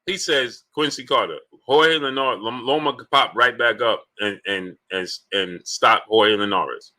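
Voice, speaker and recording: A man hosts a live-streamed sports talk show with a bright, forceful voice. He hammers his points home through rhetorical repetition, breaking off to greet chat viewers by name. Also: medium pitch, unhurried. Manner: animated, rhetorical, repeats points emphatically.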